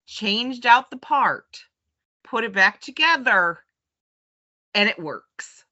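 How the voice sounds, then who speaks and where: A woman's voice: on the high side, slow pace. A woman co-hosting a podcast, chatting casually and telling stories, acting out what others said. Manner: chatty storyteller, quotes others in lively voices. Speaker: podcast co-host. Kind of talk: casual chat. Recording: dull lo-fi sound.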